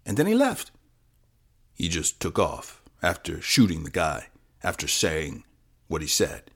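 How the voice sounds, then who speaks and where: A man narrating a flash fiction podcast story in the second person, dramatic and hushed at times. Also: deep voice, wildly swooping pitch, measured pace, long pauses, breathy edge.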